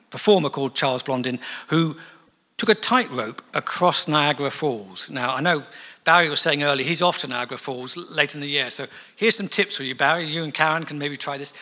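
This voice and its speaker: A man preaching a sermon in a church, conversational and animated, with asides and acted-out quotes. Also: fairly high pitch. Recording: long reverb of a church hall.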